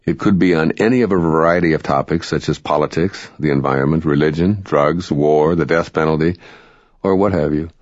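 Low-voiced calm male self-help narrator. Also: dry recording. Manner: calm, measured, instructive. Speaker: audiobook narrator. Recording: dry, dull lo-fi recording.

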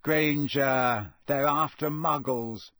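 A man doing a spoiled teenage boy from a storybook who drawls every word with lazy contempt. The voice sits a touch above the reader's own and stretches out slowly and mockingly. The sound is dry and close. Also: medium pitch, a bit bright, no room sound. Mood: drawling sneer.

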